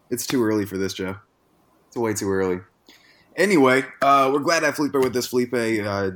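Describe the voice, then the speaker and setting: A man hosting a casual sports podcast, joking and self-deprecating. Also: lowish voice. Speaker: podcast host.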